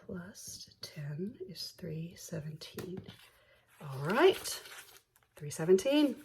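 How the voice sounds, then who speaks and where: A woman hosting a budgeting vlog, slowly counting bills aloud in a soft ASMR style, bubbly and self-deprecating between counts. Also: lowish voice, a little hiss or hum. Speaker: budgeting channel host.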